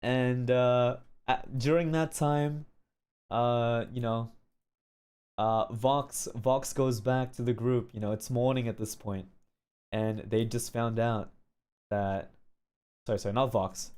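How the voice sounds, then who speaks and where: Slow-talking animated male streamer. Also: mid-range voice, clean tone. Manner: animated, shouting sound effects and repeating "okay?". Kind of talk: casual storytelling on a livestream.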